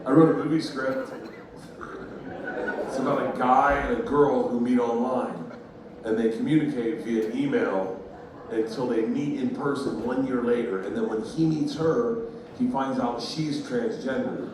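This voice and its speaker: A man's voice: medium pitch, a little slow, distant mic, a little hiss or hum. A male stand-up comedian telling stories on stage, rambling and profane, often laughing at his own jokes. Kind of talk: stand-up storytelling. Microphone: handheld stage mic heard from a distant recorder. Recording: very echoey room taped from afar, loud crowd ambience.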